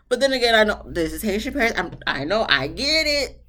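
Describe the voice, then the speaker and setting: Lively sassy woman recapping reality TV. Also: fairly high pitch, fast. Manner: animated, sassy, talks back to the cast. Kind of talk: casual TV recap commentary.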